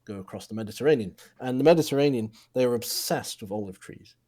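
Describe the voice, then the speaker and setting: Casting note: male podcast co-host in his twenties, warm, mellow tone, hesitant storyteller. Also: mid-range voice, fast talker. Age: 20s. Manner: hesitant anecdote-telling with many restarts. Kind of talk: casual chat.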